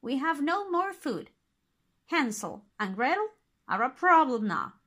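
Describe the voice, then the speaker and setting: A woman voicing a scheming stepmother in a storybook, curt and hurried. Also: high voice, big pitch swings, sharp tone, pitched above the performer's own voice, heavily acted. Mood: cold.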